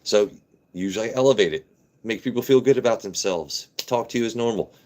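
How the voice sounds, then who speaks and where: A man from Southern Maryland hosting a casual livestream, talking to his chat and letting his voice drop deep and blunt. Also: a little fast, darkish tone. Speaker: livestream host.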